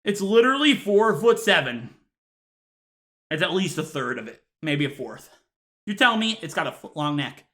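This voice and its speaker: Guy doing a jokey fake-angry rant, bright voice, pitch all over the place. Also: moderate pace. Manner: mock-outraged, deadpan asides, lots of laughs and sighs. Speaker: YouTuber. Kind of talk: comedic rant to camera.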